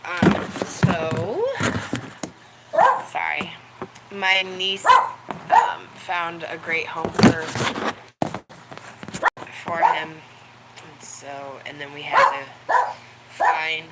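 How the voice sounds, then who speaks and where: A woman's voice: sits low, animated, extremely slow, long pauses. A woman hosting a casual live chat from home, rambling to viewers and cooing baby talk to her dog. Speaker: livestream host chatting with viewers. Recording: loud background noise with dog sounds. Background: dog barking.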